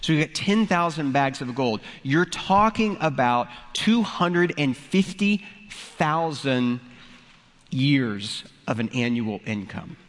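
A man's voice: mid-range voice, lively intonation, slow pace. A man preaching a sermon in a conversational way, explaining scripture with casual asides. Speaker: pastor. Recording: reverberant hall.

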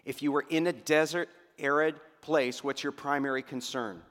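A man preaching a sermon, his delivery swelling to fervent emphasis and then dropping to hushed, near-whispered lines. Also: fairly high pitch, fairly even intonation, moderate pace. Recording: long reverb of a large hall.

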